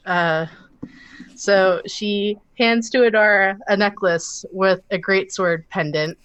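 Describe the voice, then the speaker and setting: A woman's voice: medium pitch, takes it slowly, fairly bright tone, clear, resonant tone, dry recording. A woman playing in a tabletop game, chatty and laughing, with many fillers. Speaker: player. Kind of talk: casual tabletop play.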